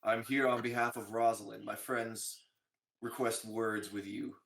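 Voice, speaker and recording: A man's voice: fairly low pitch, level tone, a little slow, vocal fry, a bit bright. A man playing a tabletop role-playing game, speaking in a formal, stiff way as his character. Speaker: player. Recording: echoey, distant mic.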